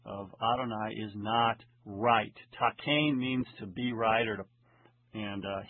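A man teaching the Hebrew grammar of scripture as a lecture, reading Hebrew phrases slowly and checking in with his listeners. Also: mid-range voice. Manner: slow deliberate reading of Hebrew phrases, frequent "okay?" check-ins. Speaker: Bible teacher. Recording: husky voice over tinny phone-like line.

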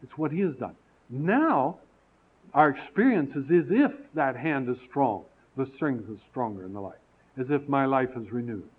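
A man's voice: mid-range voice, expressive, moderate pace, husky. A man giving an earnest, storytelling sermon-style talk that rises to emphatic peaks, heard over a tinny, phone-like radio recording.

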